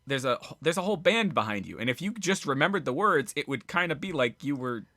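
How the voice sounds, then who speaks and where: A man co-hosting a casual comedy podcast, telling a rambling story with halting restarts. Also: on the high side, sing-song, pushed and bright, no echo, studio quality. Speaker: podcast co-host.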